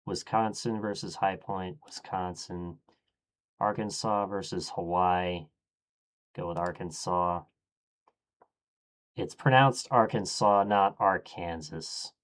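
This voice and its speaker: A man streaming, thinking aloud in a casual, low-key way as he murmurs his choices one after another. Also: takes it slowly, long pauses.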